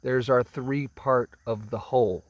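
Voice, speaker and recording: A man giving a spiritual teaching talk, speaking slowly and emphatically, drawing out and repeating words and often clearing his throat. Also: mid-range voice, fairly even intonation, no room sound, lo-fi sound. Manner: slow, emphatic, drawn-out phrasing with repeated words.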